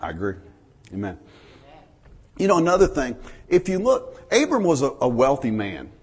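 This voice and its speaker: A man's voice: mid-range voice, huge pitch swings, normal speed, darkish tone, breathy edge. A man preaching a folksy sermon, telling stories to his congregation. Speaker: pastor.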